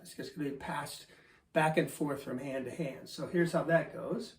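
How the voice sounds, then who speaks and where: A man in his fifties, a drum teacher explaining and counting off exercises step by step in a relaxed way in his studio. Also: fairly high pitch, normal speed. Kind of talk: instructional demonstration. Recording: echoey room.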